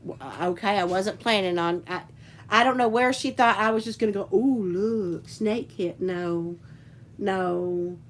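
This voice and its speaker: Woman, live-stream host, chatty rambling storyteller who laughs a lot, mid-pitched voice. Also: moderate pace, a little hiss or hum, poor audio. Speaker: livestream host and teacher. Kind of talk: casual live chat reading viewer comments.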